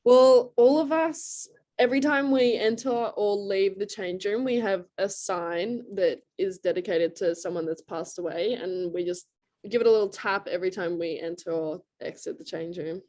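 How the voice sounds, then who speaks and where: A young woman with an Australian accent, a college lacrosse player, is interviewed casually over a video call. Her medium-pitched, slightly mellow voice moves at a moderate pace, and her chatty, loose speech is full of "like" fillers and frequent laughs.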